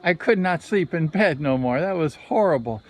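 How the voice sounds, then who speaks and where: Man with a slightly high voice, rambling story. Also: lively intonation, normal speed. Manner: rambling, conversational, self-correcting. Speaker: former motorcycle speedway racer. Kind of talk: casual storytelling vlog.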